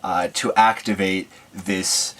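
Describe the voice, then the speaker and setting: A man's voice: low voice, fairly even intonation, slow pace, a bit bright. A young man casually telling a story to camera at home, rambling with many fillers and amused asides. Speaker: vlogger.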